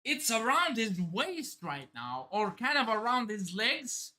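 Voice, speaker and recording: A man reading a manga chapter aloud on a live stream, reacting with excited outbursts and casual swearing. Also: high voice, slow.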